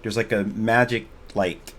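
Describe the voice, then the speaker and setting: A man's voice: lowish voice, steady tone, measured pace, a bit bright. A man narrating as game master for an online tabletop game, talking casually with lots of "like" as he describes the scene. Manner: casual, filler-heavy narration. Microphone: online voice call.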